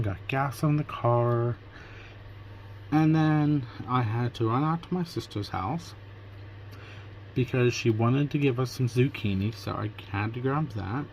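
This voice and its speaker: There's a little hiss or hum behind this medium-pitched man as he vlogs casually from Pennsylvania. He walks through his day as a story, quoting the back-and-forth of each conversation.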